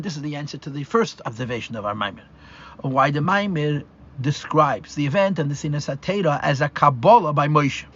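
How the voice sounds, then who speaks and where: A man's voice: a little high, fairly bright tone, breathy edge. A man, a rabbi, teaching a live class, explaining step by step and thinking aloud with restarts. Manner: explanatory, mixes Hebrew and Yiddish terms, restarts and thinks aloud. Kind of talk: live Torah class lecture. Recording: dull lo-fi live class recording.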